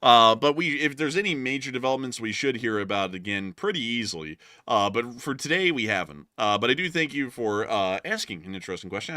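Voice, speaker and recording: Bright-voiced laid-back male co-host. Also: medium pitch, dry recording, studio quality. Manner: laid-back, laughing, repeats stock thank-you phrases. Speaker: co-host of a live news stream. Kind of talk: casual live-stream chat.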